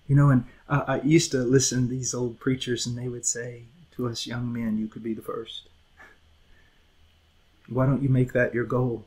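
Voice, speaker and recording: A middle-aged man preaching a Bible lesson with earnest, pleading urgency that drops to quiet intensity. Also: mid-range voice, little pitch movement, moderate pace, slightly rough, poor audio. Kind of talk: sermon.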